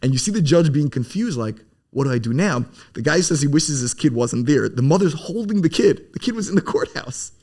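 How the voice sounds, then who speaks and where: A fast, gravelly-voiced man chatting. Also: on the high side. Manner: quick, animated retelling. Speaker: co-host. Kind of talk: casual podcast conversation.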